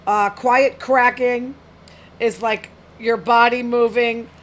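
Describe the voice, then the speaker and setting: A woman's voice: on the high side, fairly even intonation, takes it slowly. Blunt woman riffing on news. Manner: blunt, frank, reads studies aloud and reacts with asides. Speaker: podcast host. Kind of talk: casual solo commentary reading news.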